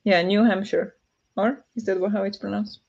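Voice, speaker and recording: A woman's voice: medium pitch, steady tone, normal speed, vocal fry, darkish tone, dull audio. A woman with a Flemish accent hosting a casual livestream from home, laughing often and reading the chat aloud. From Flanders. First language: Dutch. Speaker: livestream host. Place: home at night.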